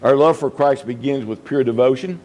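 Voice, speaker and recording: A middle-aged man, a Baptist pastor, preaching a sermon and swinging between quiet low passages and high, emphatic peaks. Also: moderate pace, rough recording.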